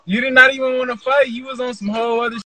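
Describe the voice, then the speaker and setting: A man's voice: extremely high pitch, flat delivery, very fast, pushed and bright, far from the mic. A man on a livestream pressing someone over whether they want to fight. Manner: pressing, argumentative. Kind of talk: casual livestream chat.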